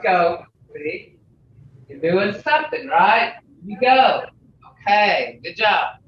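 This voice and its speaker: Slow, patient online language teacher. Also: mid-range voice, animated, a little hiss or hum. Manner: patient, repeats example phrases often. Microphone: video call. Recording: echoey, dull video-call audio.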